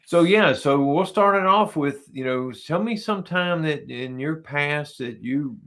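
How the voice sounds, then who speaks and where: A man's voice: on the high side, unhurried, a bit bright. A man hosting an interview podcast, easygoing and conversational, often answering with brief affirmations. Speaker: podcast host.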